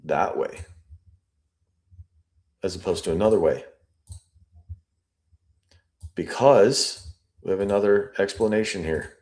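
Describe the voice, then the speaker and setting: A very low-pitched man talks through a statement line by line. He takes his time, musing aloud and pausing over each phrase as he analyzes it. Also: darkish tone. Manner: slow, deliberate, musing aloud. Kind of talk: reading and analyzing a transcript.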